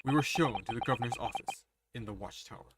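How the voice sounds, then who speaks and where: A casual streamer reading a story game's text aloud with chatty asides, over loud game music. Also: medium pitch, quick pace, heavy background noise. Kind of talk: game let's-play narration.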